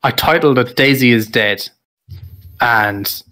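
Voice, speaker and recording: A man's voice: medium pitch, slow, sharp tone. A man who makes videos, in casual chat, thinking aloud and unsure of details. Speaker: content creator.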